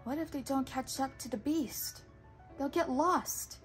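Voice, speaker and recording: A kind, brave young princess from a storybook, gentle and caring, as a woman reading aloud gives her lines. Her voice sits fairly high and sounds warm with concern. It is a plain read-aloud delivery, not a showy performance. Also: moderate pace, soft background music, lightly acted.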